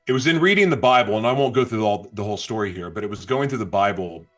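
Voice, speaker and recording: A man telling his personal story as an interview guest, halting and restarting, sometimes reliving his past outbursts. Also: on the low side, animated, soft background music. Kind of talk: emotional personal testimony.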